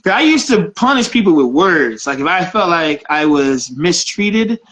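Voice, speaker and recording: This podcast co-host has a fairly high, somewhat bright voice that moves through wide pitch swings at a normal speed. In a casual chat, he laughs often while sharing candid personal stories.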